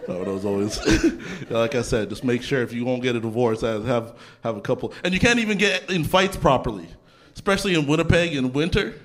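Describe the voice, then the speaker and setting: A young adult man from Canada doing a stand-up comedy set in a theatre, talking conversationally with deadpan punchlines and casual asides. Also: mid-range voice, a little fast. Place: theatre stage before a laughing audience. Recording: live theatre set with crowd laughter. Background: audience laughter.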